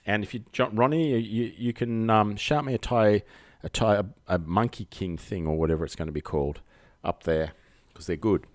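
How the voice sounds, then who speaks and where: A man's voice: on the low side, normal speed, no echo. A man with an Australian accent hosting a casual live-streamed call-in show, rambling and joking at his own expense, speaking outdoors at night under spotlights. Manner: rambling, jokey, self-mocking banter.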